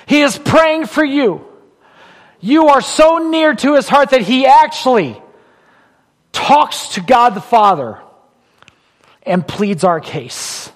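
A pastor with a high, unhurried voice preaches, repeating his points for weight. He leans between booming emphasis and quiet intimacy. A long reverb from the church hall trails every phrase. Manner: emphatic, swings from loud pronouncements to hushed, intimate asides. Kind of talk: sermon.

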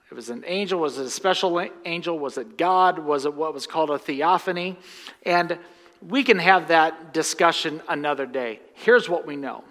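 A man's voice: fairly high pitch, fairly bright tone. A man preaching a sermon in a church, reading scripture, praying and joking with the congregation. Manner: jokey, conversational asides to the congregation. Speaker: pastor. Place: church sanctuary. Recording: long church reverb.

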